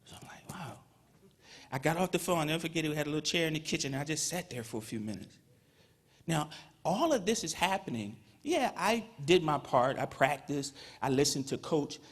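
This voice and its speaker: Husky man telling a story at an induction. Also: fairly high pitch, big pitch swings, brisk. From Petersburg, Virginia. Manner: conversational storytelling with many "you know" fillers. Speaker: Hall of Fame inductee giving a speech. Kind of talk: induction ceremony speech, storytelling. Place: ceremony hall, speaking to an audience.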